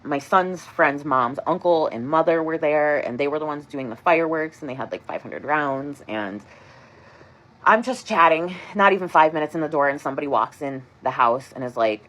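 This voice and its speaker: A woman's voice: low voice, fairly bright tone. A woman in her thirties telling a personal story in a casual vlog, rambling and full of "like". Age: 30s.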